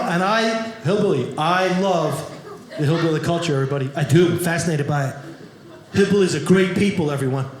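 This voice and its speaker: A man with a New York accent doing stand-up comedy, brashly teasing and quizzing members of the audience. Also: high-pitched. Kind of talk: stand-up comedy with crowd work. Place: comedy club stage before a live audience. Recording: echoey room with loud audience noise.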